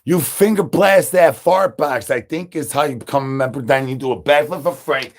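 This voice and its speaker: Talking at normal speed with hardly any pauses, a man with a medium-pitched voice, who is a comedy streamer, runs through a crude, absurd comedy bit. It's full of rhyming nonsense and recurring catchphrases, and he demands brains like a zombie.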